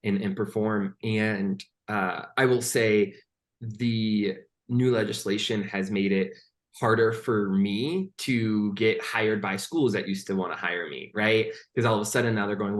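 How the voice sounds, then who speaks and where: A man's voice: on the low side, a little slow. A man speaking earnestly on a conference panel about youth and art, with many fillers and restarts. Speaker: panelist, poet and youth arts worker. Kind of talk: panel discussion.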